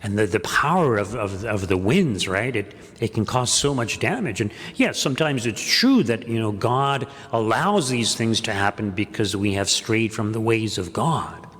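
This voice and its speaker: Priest preaching in an echoey church. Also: male voice, lowish voice, lively intonation, normal speed, few pauses, fairly bright tone, husky. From Canada. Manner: earnest, with repeated phrases and emphatic rises. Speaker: pastor. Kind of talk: homily at daily Mass. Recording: echoey church with long reverb.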